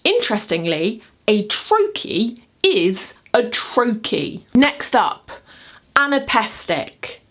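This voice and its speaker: A woman's voice: a little high, very animated, slow pace, a bit bright. A woman explaining poetic metre in a chatty, upbeat video lesson, counting out beats as she goes. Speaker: poetry teacher. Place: home room, standing at camera.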